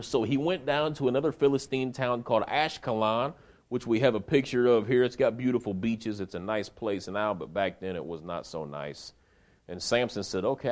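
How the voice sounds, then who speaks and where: A male preacher with a lowish voice retells a story in a chatty, colloquial sermon. He keeps it animated and conversational, and he addresses his listeners directly.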